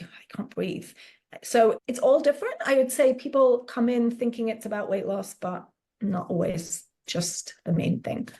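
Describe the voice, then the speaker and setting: A woman fitness coach talking casually in an interview, animated and full of "like" fillers, often acting out quotes. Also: fairly high pitch. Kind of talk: conversational interview storytelling.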